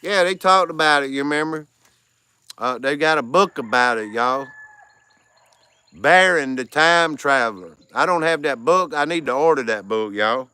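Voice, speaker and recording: A man's voice: on the high side, normal speed, sharp tone, smooth, dry recording. A tired American man hosting a casual livestream, greeting chat viewers by name and laughing often. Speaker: livestream host.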